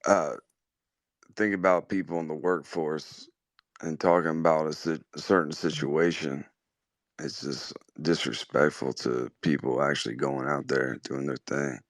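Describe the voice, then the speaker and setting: A man from Detroit calling in to a talk show, speaking in a mumbling, halting way. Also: a bass voice, steady tone, no echo. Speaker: caller.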